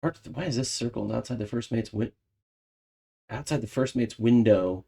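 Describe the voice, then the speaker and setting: A young man playing a puzzle game and talking his thoughts aloud, breaking into excited bursts. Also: medium pitch, moderate pace, creaky. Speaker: gaming video host. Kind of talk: casual game commentary.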